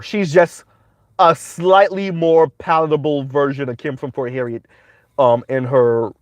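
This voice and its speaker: A man's voice: medium pitch, a little mellow, no room sound, dull audio. A man giving casual livestream commentary, rambling along with frequent "um" fillers.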